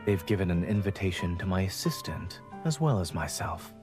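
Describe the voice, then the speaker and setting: A man voicing a calm, reserved young male doctor in game dialogue, with dry, measured delivery. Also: low voice. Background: game music.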